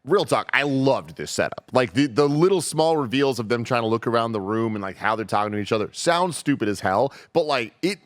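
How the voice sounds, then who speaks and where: Animated man chatting about a movie. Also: medium pitch, brisk, hardly any pauses, no room sound, clean studio sound. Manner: enthusiastic, animated, swears casually. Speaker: podcast host. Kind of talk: casual podcast chat and read sponsor ad.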